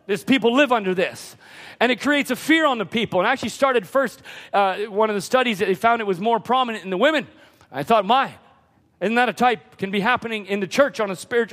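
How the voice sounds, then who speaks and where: Man preaching, very high voice, impassioned, long church reverb. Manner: impassioned, rising to shouts. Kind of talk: sermon. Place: church sanctuary.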